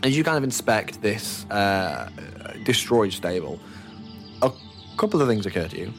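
A man's voice: on the low side, very animated, moderate pace, over music. A man narrating as game master in an easygoing, hesitant manner. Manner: easygoing, hesitant, many fillers and restarts.

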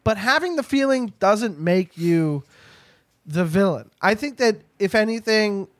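A man's voice: sits high, animated, a little slow, dry recording, clean studio sound. A man hosting a casual podcast chat, rambling and jokey as he talks with his guests. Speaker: podcast host.

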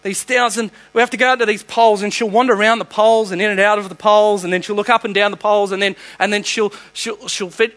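A man's voice: sits high, fairly bright tone, rough recording. An Australian man preaching a sermon as pastor, emphatic, with repeated phrases and restarts.

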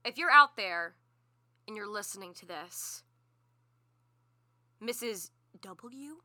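Lively young Texan woman co-host. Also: medium pitch, slow pace. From Texas. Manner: animated storytelling with bursts of laughter. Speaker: podcast co-host. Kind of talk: casual chat.

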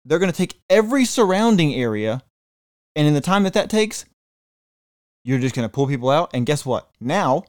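A man's voice: on the high side, sing-song, moderate pace, no room sound, studio quality. A man co-hosting a casual podcast, blunt and sarcastic, with frequent swearing. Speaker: podcast co-host.

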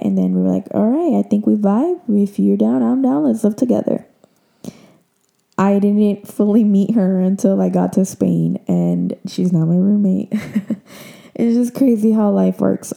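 A woman's voice: mid-range voice, creaky, mellow. A young woman in her twenties hosting a podcast, chatting casually and emotionally with many fillers. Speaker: podcast host. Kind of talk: casual chat.

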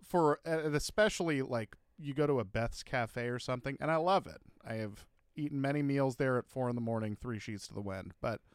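A man co-hosting a casual comedy podcast, ranting emphatically with profanity and sudden loud bursts. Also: medium pitch, fairly quick, few pauses, clear, resonant tone, dry recording, studio quality. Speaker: podcast co-host.

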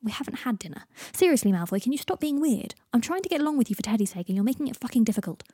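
A woman's voice: on the high side, lively intonation, fast talker, warm tone, no echo, clean studio sound. A woman doing an irritable young wizard. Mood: exasperated.

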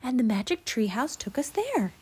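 A woman voicing an excitable young girl, the bossy little sister, in a storybook reading. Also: fairly high pitch, moderate pace, husky, pitched above the performer's own voice, heavily acted. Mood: matter-of-fact. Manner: eager, urgent calling out.

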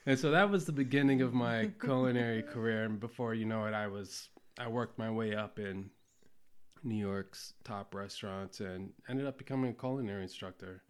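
Relaxed man telling stories. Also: lowish voice, moderate pace. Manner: relaxed storytelling with many fillers. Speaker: podcast guest, chef. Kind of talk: casual conversation.

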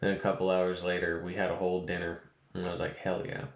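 Relaxed young man in an echoey room. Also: sits low, quick pace. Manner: relaxed, easygoing storyteller. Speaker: guest, fighter. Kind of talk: casual chat. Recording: roomy echo, faint noise.

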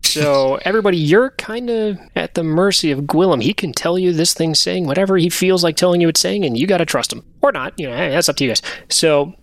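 Male game master, relaxed conversational narrator, dry sound. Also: a little high, fairly quick, dry recording.

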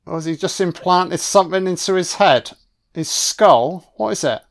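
A man's voice: sits high, normal speed, creaky. A man giving a casual, wisecracking film commentary on a first watch, swearing freely and talking back at the screen. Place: home recording, voice only.

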